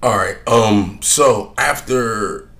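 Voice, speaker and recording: A man's voice: on the low side, very slow, a bit bright. A young man hosting a solo podcast, ranting bluntly and profanely in a rambling, offhand way. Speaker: podcast host. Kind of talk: casual solo podcast rant.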